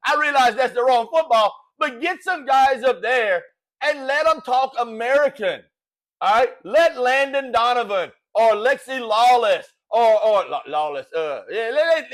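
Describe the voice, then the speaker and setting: Cajun sports talk host, high-pitched man, folksy animated rant with rhetorical questions. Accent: Cajun Louisiana. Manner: folksy, animated, rhetorical, says "all right?" often.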